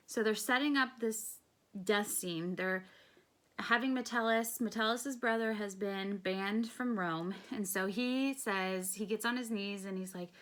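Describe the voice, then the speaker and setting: A teacher reads through a play and stops to explain the story in plain, casual words. Her voice sits at an ordinary middle pitch, and she talks the way she would to a class. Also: a little slow, fairly bright tone.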